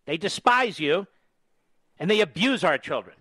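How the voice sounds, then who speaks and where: A man's voice: high voice, expressive, moderate pace, pushed and bright, no room sound. A man in his sixties from the United States, a radio host delivering a combative, scornful political monologue with emphatic repetition. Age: 60s.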